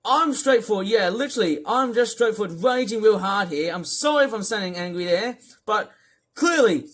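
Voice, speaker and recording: Young vlogger in a loud angry rant. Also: mid-range voice, lively intonation, moderate pace. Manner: ranting, repetitive, swings into shouting.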